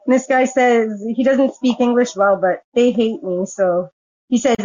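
A woman's voice: fairly high pitch, fairly even intonation, a little slow, warm tone, no room sound. Blunt woman telling her own story. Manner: frank, blunt, swears freely. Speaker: guest. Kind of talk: personal storytelling. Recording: dull, dry lo-fi sound.

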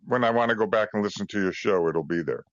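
A man joins a live audio show as a listener and chats casually, stopping and restarting now and then. His voice is very low. The sound is dry and a little muffled, with little room around it. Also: dry recording. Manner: casual, friendly, a bit halting. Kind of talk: casual chat.

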